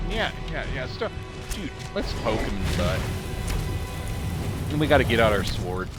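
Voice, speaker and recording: A man's voice: mid-range voice, big pitch swings, normal speed, pauses often, music in the background. A man with a drawling Idaho accent chatting loosely as he plays a game, rambling and laughing often with a snarky, self-mocking tone. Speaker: gamer commentating his play. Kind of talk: casual gameplay commentary with storytelling.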